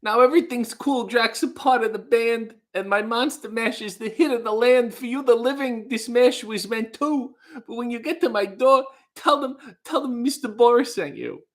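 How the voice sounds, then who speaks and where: A man's voice: very high voice, moderate pace, few pauses, pitched above the performer's own voice. A man putting on a spooky, crooning mad scientist voice, half singing novelty horror lyrics.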